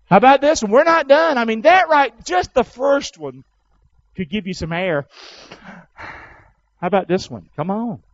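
A man preaching a sermon in church, calling out to the congregation and rising to loud, fervent peaks. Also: extremely high pitch, animated, unhurried, pauses often, dry recording, dull audio. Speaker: pastor.

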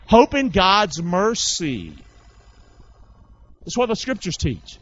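Male preacher, high and swooping, calls on the crowd to answer him, muffled lo-fi recording. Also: big pitch swings, slow, pauses often, husky. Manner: emphatic call-and-response preaching; reads scripture aloud in bursts. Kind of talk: sermon.

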